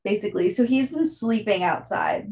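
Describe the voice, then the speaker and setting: A woman's voice: mid-range voice, moderate pace, darkish tone. Chatty woman recapping a plot. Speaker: book podcast co-host. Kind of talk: casual book discussion.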